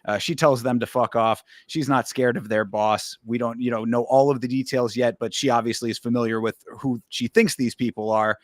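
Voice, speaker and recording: A man co-hosting a film review in casual conversation. He recaps scenes at length, often pausing on fillers, in a mid-pitched voice. The recording is dry and close. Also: steady tone, dry recording.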